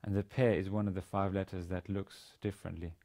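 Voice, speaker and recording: A man lecturing on a language lesson, speaking haltingly with many fillers and restarts. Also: low-pitched, little pitch movement, mellow. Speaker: university lecturer.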